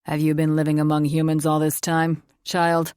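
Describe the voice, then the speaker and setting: Lady doing a scowly old werewolf guy, low and accusing, grumpy. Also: completely flat delivery, moderate pace, a little mellow, clean tone, no echo, clean studio sound, close to an everyday voice. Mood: suspicious. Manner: accusing, probing. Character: gruff scowling older werewolf man.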